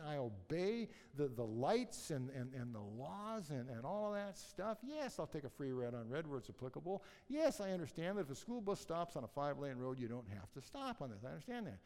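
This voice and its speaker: Middle-aged male pastor, sermon, lively swooping delivery, lots of restarts, church sanctuary. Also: on the high side, in a large hall. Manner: animated, rambling, frequent restarts.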